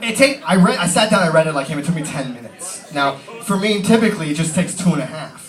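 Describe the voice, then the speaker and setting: A man tells stand-up stories in a loose, rambling way, full of "you know" and "like", his voice sitting a little high. The sound comes from a far-off camera and echoes around the pub. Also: big pitch swings, fast talker, hardly any pauses, over music. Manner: rambling, filler-heavy, casual storytelling. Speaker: stand-up comedian. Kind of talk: stand-up comedy set. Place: pub stage. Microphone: distant camera. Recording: roomy pub sound from a distant mic.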